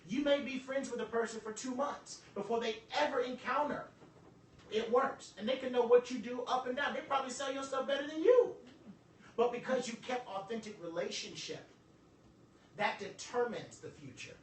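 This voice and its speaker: A man's voice: extremely high pitch, moderate pace. A man giving a live talk to an audience, joking and preaching as he teaches. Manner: animated, joking, preacher-like delivery. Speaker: motivational speaker. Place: event room with audience. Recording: echoey room from far off, some noise.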